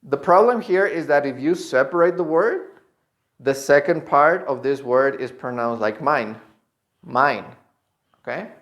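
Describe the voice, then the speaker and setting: A man's voice: on the high side, animated. Man teaching pronunciation. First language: Spanish. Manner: slow, drawn-out model words repeated twice with a checking "okay?". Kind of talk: online pronunciation lesson.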